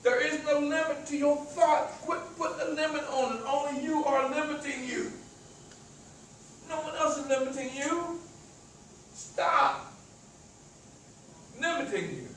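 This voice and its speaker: A man's voice: extremely high pitch, normal speed, slight background noise. A man with a country accent who stutters and stammers, repeating words as he gives a motivational talk to a live audience. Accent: rural American country accent. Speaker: motivational speaker. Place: echoey event room with an audience. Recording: very echoey room, voice far from mic.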